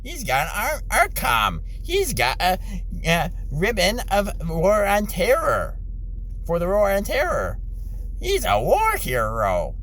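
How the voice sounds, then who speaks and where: A middle-aged man, an army veteran, in an angry, profane rant from his car, exasperated, his voice jumping high when he yells. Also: huge pitch swings, takes it slowly, creaky, rough recording. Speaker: ranting vlogger, army veteran.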